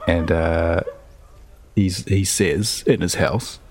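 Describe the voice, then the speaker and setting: A man narrating a tabletop game as game master, relaxed and full of hesitant fillers. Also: sits low, takes it slowly, slight background noise.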